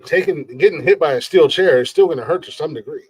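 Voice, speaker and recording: Male podcast co-host, slightly high pitch, profane rambling banter. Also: fast talker, slightly rough. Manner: profane, rambling, laughing often.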